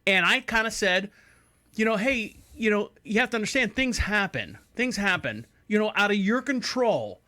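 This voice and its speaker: A man's voice: high voice, moderate pace, no room sound. A man in his forties hosting a podcast in casual chat, telling stories animatedly and acting out quoted people. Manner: animated storyteller who acts out quoted people. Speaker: podcast host.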